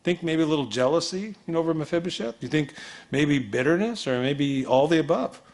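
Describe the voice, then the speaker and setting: A man's voice: a little high, expressive, fairly quick, a little mellow. A man, a pastor, preaching a Bible study in a loose, conversational way, acting out quoted voices. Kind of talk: sermon.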